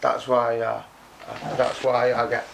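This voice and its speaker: A man's voice: mid-range voice, completely flat delivery, measured pace, gravelly, fairly bright tone, slight background noise. A man telling a hard personal story in blunt, streetwise talk, often adding "you know what I mean". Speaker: interview guest.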